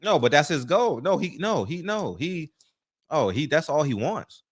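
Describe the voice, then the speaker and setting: Lively man talking with big pitch swings. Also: normal speed, slightly rough. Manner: animated, laughing, mocking impressions. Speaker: show host. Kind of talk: casual barbershop chat.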